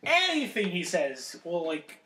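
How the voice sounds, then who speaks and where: A man co-hosting a podcast, chatting casually about wrestling, excitable and swearing often. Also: sits high, measured pace, roomy sound, slight background noise. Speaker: podcast co-host.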